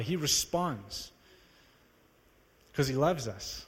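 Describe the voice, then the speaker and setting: A young preacher from South Africa delivers a sermon and tells his story with animated energy, his voice climbing into excited exclamations. His voice sits a touch high for a man. The sound rings with a long reverb from a large hall. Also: normal speed. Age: young adult. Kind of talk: sermon with personal testimony.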